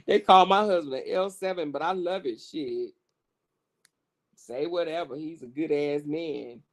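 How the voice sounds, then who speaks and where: A woman with a deep voice and a somewhat slow delivery hosts a casual gossip livestream. She's animated and profane, swearing freely and laughing often.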